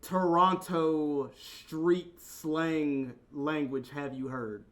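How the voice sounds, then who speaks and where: A man's voice: fairly high pitch, steady tone, drawn-out words. A man hosting his stream, talking playfully with a guest and reading chat, often stumbling over his words. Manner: playful, stammering restarts. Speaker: streamer host.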